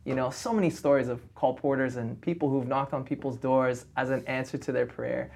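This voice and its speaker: A man co-hosting a casual chat, speaking earnestly and reflectively, often answering with a soft "mm". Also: mid-range voice, steady tone, a little fast, gravelly. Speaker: co-host.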